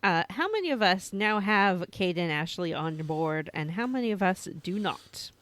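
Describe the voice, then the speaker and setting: A woman's voice: on the low side, expressive, moderate pace, fairly bright tone, no echo. A woman co-hosting a casual podcast, recapping a video game in a playful, storytelling way.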